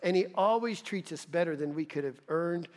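A man's voice: on the high side, normal speed, a little mellow, big-room sound. A male pastor preaching a sermon in an earnest manner that rises to emphatic peaks.

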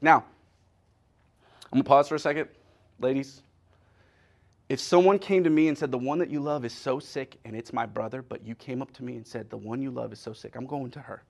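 Gravelly-voiced preacher with dramatic swings. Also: male voice, on the high side, fairly quick, pauses often. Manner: dramatic, acts out scripture scenes, swings from loud to hushed. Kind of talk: sermon.

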